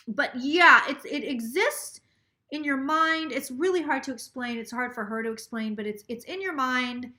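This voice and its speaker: A woman with a bright, slightly high voice talks through a casual live psychic reading. She sounds a little tipsy and rambles as she relays a spirit's words. She swears freely along the way. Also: normal speed. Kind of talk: casual live tarot stream, relaying messages.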